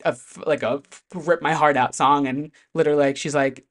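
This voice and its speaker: A chatty vlogger talking straight to camera in a loose, animated way, full of fillers and the odd curse word. The voice sits at a middling pitch, neither high nor low. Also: a little fast. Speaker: pop music commentator host. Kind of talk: casual chat to camera.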